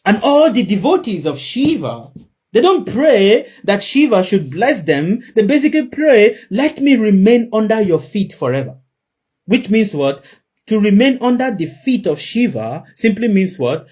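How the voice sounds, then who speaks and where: A man's voice: sits high, sing-song, a little slow, a little mellow, slightly rough. A man giving an emphatic spiritual sermon to a live audience, repeating his key phrases for effect. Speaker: spiritual teacher.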